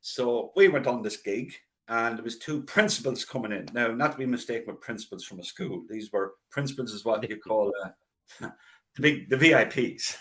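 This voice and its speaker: A middle-aged Irish man, a local historian, telling anecdotes in a relaxed interview and acting out the voices of people he quotes. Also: mid-range voice, moderate pace. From Ireland. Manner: chatty anecdotal storyteller, acts out quoted voices. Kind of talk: casual storytelling interview.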